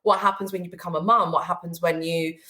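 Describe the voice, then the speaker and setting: A woman talking as a podcast guest in a slightly low voice. Her speech is heartfelt and quick, and she scatters "you know" and "like" through it. The feel is open, casual conversation. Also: steady tone, bright, forceful tone. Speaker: podcast guest, company CEO.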